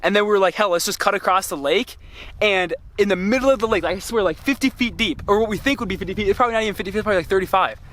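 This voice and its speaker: A young man talking casually and excitedly while fishing from a boat on a lake, often exclaiming and swearing. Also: high-pitched, racing, a little hiss or hum. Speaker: vlogger. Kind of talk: casual outdoor fishing vlog. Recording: loud music under the voice.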